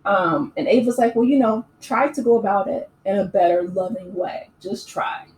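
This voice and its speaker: A woman's voice: medium pitch, moderate pace, a little mellow. Chatty woman in an echoey room. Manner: chatty and opinionated, many fillers like "you know" and "um". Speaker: YouTube recap host. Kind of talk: casual reality-TV recap commentary. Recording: echoey room with faint background noise.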